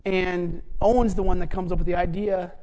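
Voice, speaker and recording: Middle-aged preacher, chatty sermon delivery with fillers and restarts, animated when acting out dialogue. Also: mid-range voice, moderate pace, poor audio. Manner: animated, acts out quoted dialogue; conversational, many fillers and restarts. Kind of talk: sermon storytelling.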